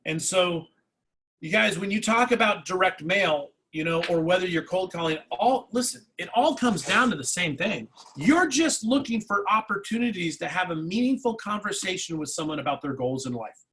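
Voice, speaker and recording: A man giving a motivational real estate coaching talk, energetic and repetitive, speaking straight to his agents. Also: high voice, moderate pace, husky, rough recording. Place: training session.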